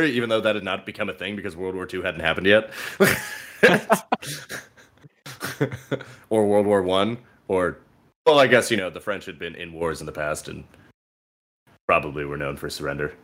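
A young man with a very low yet bright, forceful voice, chatting on a podcast. He jokes crudely, swears freely and slips into rants. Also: moderate pace, pauses often. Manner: crude, joking, ranting, puts on silly voices in quotes. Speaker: podcast co-host. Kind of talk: casual chat.

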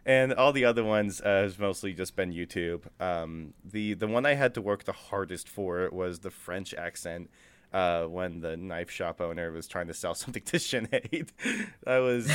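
Low, smooth, laughing game master. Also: male voice, no echo. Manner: laughs through his words, self-deprecating. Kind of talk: casual chat.

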